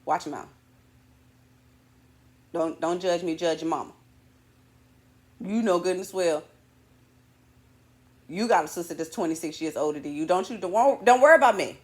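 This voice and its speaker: A woman hosting a morning show delivers a casual monologue, animated and slangy, packed with playful asides to her viewers. Her voice is lowish and she talks at normal speed, pausing often.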